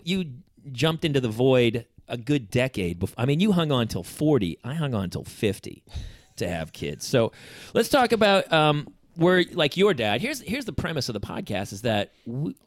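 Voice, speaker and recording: A man's voice: medium pitch, normal speed, dry recording, clean studio sound. A man in his fifties hosting a podcast, chatting casually and acting out quotes. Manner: animated, acts out quotes. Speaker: podcast host. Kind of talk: casual interview.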